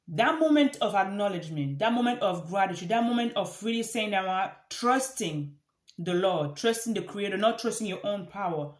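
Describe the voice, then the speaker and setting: A woman's voice: medium pitch, expressive, normal speed. Earnest woman, echoey room. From Central Africa. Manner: earnest, repeats phrases for emphasis. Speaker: life coach. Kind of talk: motivational talk.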